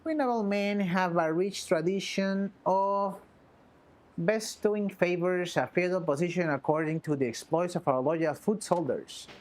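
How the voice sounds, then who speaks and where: A woman's voice: lowish voice, a little slow, darkish tone, natural voice. A woman voicing a pompous self-styled nobleman in his thirties, reading game dialogue in a haughty, archaic way. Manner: haughty, archaic, grandiose phrasing.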